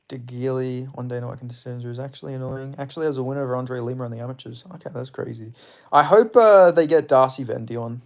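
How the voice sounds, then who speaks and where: A casual young Australian MMA livestream host answers viewers in loose, rambling chat, swearing offhandedly. His accent is Australian with a slight English tinge, and his voice is medium-pitched and darkish.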